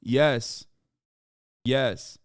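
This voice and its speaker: A man's voice: medium pitch, fairly even intonation, extremely slow, no room sound, clean studio sound. A man ranting sarcastically and profanely through political commentary on a livestream. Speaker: streamer.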